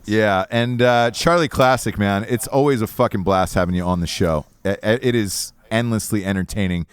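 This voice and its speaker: A man's voice: fairly low pitch, moderate pace, clean tone. A man hosting a podcast in casual chat, enthusiastic and profane. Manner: enthusiastic, profane, restarts a lot. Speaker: podcast host.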